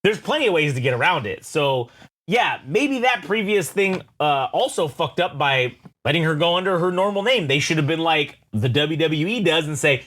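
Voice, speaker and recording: A man's voice: a little high, animated, moderate pace, a bit bright. Foul-mouthed opinionated man. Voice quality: swears freely, loose and opinionated. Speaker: podcast co-host. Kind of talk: casual chat.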